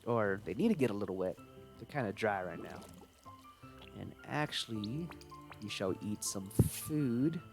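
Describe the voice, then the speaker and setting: A man's voice: lowish voice, animated, unhurried, creaky, over music. A young man chatting casually through a game live stream, rambling and playful, reading the game's dialogue aloud.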